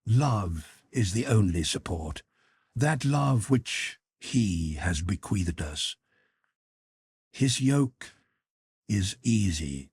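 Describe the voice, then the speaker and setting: A man's voice: on the low side, animated, very slow, a little mellow, breathy edge, no echo, clean studio sound, exaggerated voice. A man voicing a pious, ecstatic older countess who consoles in a fervent, preaching manner. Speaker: character in audiobook.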